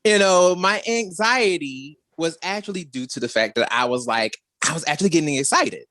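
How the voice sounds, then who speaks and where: A man co-hosting a podcast, talking in an animated, expressive storytelling way in casual chat. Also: fairly high pitch, normal speed, no room sound. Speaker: podcast co-host.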